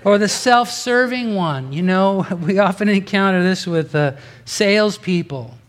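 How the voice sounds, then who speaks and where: A man's voice: high-pitched, lively intonation, measured pace. A man preaching a sermon in an earnest, conversational way, rising in force for emphasis. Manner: conversational with asides and restarts. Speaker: pastor.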